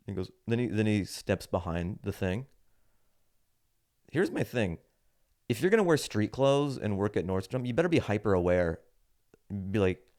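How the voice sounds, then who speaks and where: Animated low-voiced comedian telling a story. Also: male voice, fairly quick, long pauses. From United States. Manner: animated, acts out other people's lines in raised voices. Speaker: podcast host, standup comedian.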